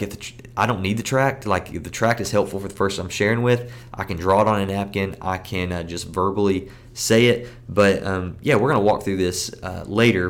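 A man hosting a campus ministry podcast, teaching in an earnest, conversational way with many casual fillers. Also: low-pitched. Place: seated indoors.

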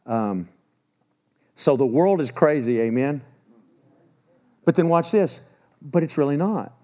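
Older male preacher in his sixties, fairly high voice, emphatic and urgent, drops low for warnings. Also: lively intonation, slow pace. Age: 60s. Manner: emphatic, swings between loud urgency and low grave warnings. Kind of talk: sermon.

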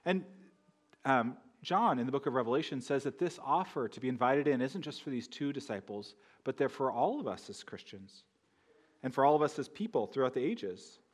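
A man's voice: mid-range voice, animated, moderate pace. A man preaching a sermon in a conversational way, often asking the congregation questions. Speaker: pastor.

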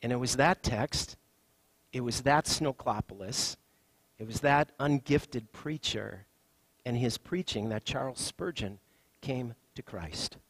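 A man's voice: mid-range voice, takes it slowly, a bit bright, husky, no echo. A man preaching a sermon as a pastor, conversational and loose, with fillers and restarts.

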